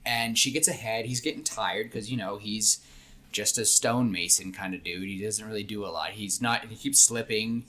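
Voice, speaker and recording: Bright-voiced man pitching a story. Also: normal speed. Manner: rambling, acts out characters' lines while pitching a story. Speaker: podcast co-host. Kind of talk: casual brainstorming chat.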